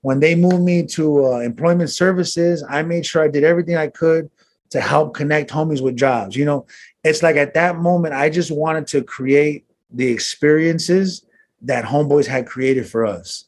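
A man's voice: on the high side, moderate pace, darkish tone. A man telling a personal story as an interview guest, earnest and reflective, with casual slang and frequent restarts.

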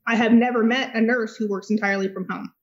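A fairly high-voiced woman attorney explains a case with emphatic, articulate energy. She drops dry, sardonic asides as she goes. Her audio sounds a little muffled and lo-fi. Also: fairly even intonation, quick pace. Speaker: attorney guest. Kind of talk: legal discussion.

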